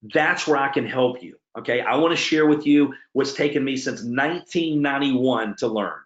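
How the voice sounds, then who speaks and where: A man's voice: medium pitch, normal speed. A middle-aged man giving a motivational talk, telling his story emphatically and speaking straight to his audience. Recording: echoey, dull lo-fi room sound.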